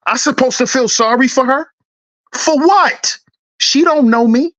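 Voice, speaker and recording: With an extremely high, slightly bright voice, the man takes his time as he hosts a livestream. His rant is heated, preachy and profane, and he repeats lines to drive them home.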